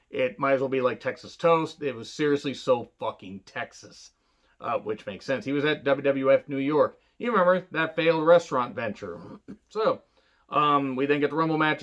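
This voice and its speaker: A man talks through an old wrestling event in a loose, rambling monologue, peppered with swearing and filler words. His voice sits at an ordinary pitch for a man. The recording has a dull, lo-fi quality. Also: fairly bright tone. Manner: rambling, profane, lots of fillers and asides. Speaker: wrestling reviewer. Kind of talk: casual retro review monologue.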